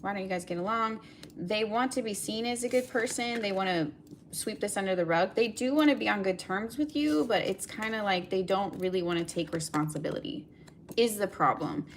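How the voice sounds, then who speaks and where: A woman's voice: medium pitch, moderate pace, slight background noise. A young woman giving a collective tarot reading, talking in a meandering way with many fillers. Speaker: tarot reader.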